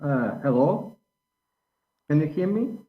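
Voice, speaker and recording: Halting man, tinny call. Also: on the high side, sing-song, echoey room. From Belarus. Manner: halting, many fillers. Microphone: video call. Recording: tinny phone-like video call audio.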